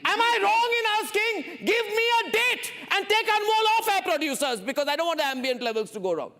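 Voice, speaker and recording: A man's voice: very high-pitched, lively intonation, fairly quick, sharp tone. A male news anchor with an Indian English accent, moderating a heated televised debate, insistent and talking over his guests. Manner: insistent, talks over guests, repeats demands.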